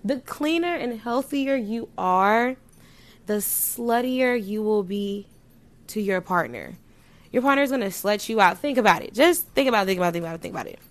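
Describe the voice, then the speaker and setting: Woman vlogging to camera, blunt n playful, lots of slang n swearing, gets loud then soft. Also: medium pitch, moderate pace. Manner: animated, sudden jumps in loudness. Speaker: vlogger giving sex advice. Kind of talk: casual chat to camera.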